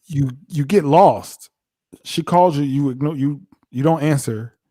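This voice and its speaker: Man, casual recap co-host, animated retelling, dry close sound. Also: a little high, a little slow, no room sound. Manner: animated, acts out both sides of scenes. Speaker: podcast co-host. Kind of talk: casual reality TV recap chat.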